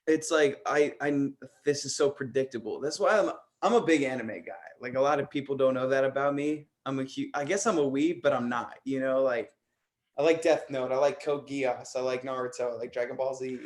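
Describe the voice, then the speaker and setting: A man's voice: medium pitch, steady tone, fairly quick. A young man hosting a casual radio chat, earnest, filling his talk with "like" and "bro". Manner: earnest, says "like" and "bro" a lot. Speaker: radio show host.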